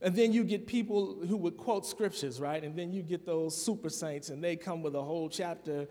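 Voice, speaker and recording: A man from Chicago preaching a sermon in a church, talking conversationally to the congregation and building to loud, emphatic peaks. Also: a little high, moderate pace. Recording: long reverb of a large hall.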